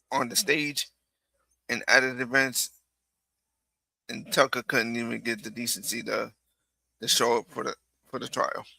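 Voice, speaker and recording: Gravelly, halting live-stream host. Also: male voice, mid-range voice, pushed and bright, no room sound, rough recording. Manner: hesitant, halting, many fillers. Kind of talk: casual reaction commentary.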